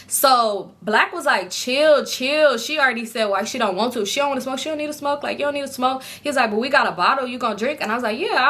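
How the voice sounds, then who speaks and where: A young woman, casually telling a storytime to her viewers and acting out her friends' lines. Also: a little high. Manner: animated, acts out friends' lines with profanity. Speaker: storytime vlogger.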